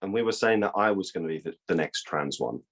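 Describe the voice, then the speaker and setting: A young man tells a long tale in loose, swearing chat. His voice sits a little low, and he slips into the voices of the people he quotes. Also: fast talker. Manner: profane, animated, acts out quoted dialogue. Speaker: guest. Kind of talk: casual storytelling.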